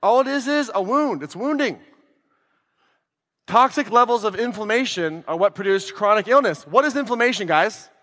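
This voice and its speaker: A man giving a lively seminar talk as a life coach, putting questions to the audience. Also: sits high, moderate pace. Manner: energetic, asks the crowd questions. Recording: echoey hall.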